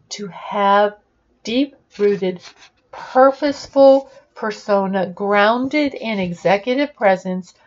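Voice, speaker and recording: Woman coach, mid-pitched, deliberate and instructive, podcast monologue on slightly muffled, lo-fi audio. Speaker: executive leadership coach.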